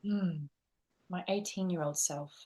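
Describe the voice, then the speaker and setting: A woman's voice: fairly low pitch, a little slow. A woman with an English accent, a guest actress and teacher chatting animatedly in an interview over a video call. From England. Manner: animated, quotes people in lively voices. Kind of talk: casual interview chat.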